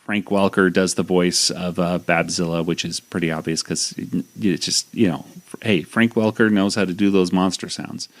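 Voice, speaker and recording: A man's voice: deep voice, steady tone, normal speed, hardly any pauses, a little hiss or hum. A man hosting a podcast, casually recapping a cartoon episode in a rambling way with lots of fillers and restarts. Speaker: podcast host.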